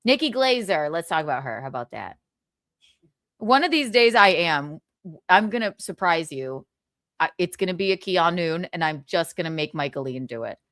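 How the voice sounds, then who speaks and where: A woman's voice: on the low side, big pitch swings, moderate pace, a bit bright, no echo, clean studio sound. A young woman hosting a livestream, chatting casually, reading viewer comments and laughing often. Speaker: livestream host.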